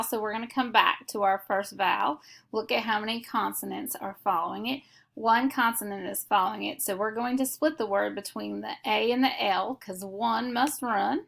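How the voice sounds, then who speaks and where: A woman teaching a phonics lesson, explaining each step slowly and methodically. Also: a little high, gravelly, fairly bright tone. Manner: slow, deliberate, methodical explanation.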